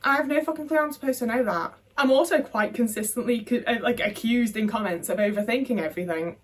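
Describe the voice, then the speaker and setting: A woman's voice: fairly high pitch, quick pace, far from the mic, slight background noise. A young woman talking to camera in a candid, frustrated monologue, swearing freely. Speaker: vlogger.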